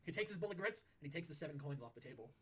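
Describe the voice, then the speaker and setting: A young man runs a tabletop game, narrating the scene in a slightly high voice. Faint noise sits behind him on the recording. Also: racing. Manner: lively, swearing, voices pirate NPCs. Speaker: game master.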